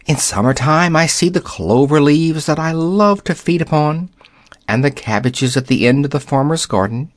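A man voicing a shy, gentle male rabbit who grows chatty as he talks. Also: fairly high pitch, normal speed, dry recording, clean studio sound, lightly acted.

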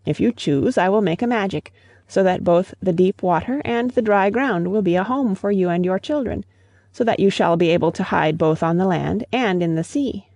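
A storyteller voicing a lazy man who complains about the long paddle, in a husky voice. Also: mid-range voice, moderate pace, a little mellow, no echo, natural voice. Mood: complaining. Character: lazy adult male fisherman.

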